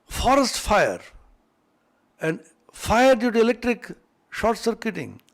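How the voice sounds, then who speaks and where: A man's voice: sits high, very animated, slow, heavily acted. A man voicing a proud, hot-tempered male fire god who brags indignantly about his power. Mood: boastful outrage. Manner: boastful, indignant.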